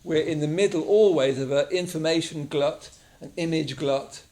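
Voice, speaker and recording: A warm-toned man with a fairly high voice and moderate pace teaches a mindfulness class in a meditation room. Originally from England, he keeps a casual, conversational manner and checks in often with "yeah?".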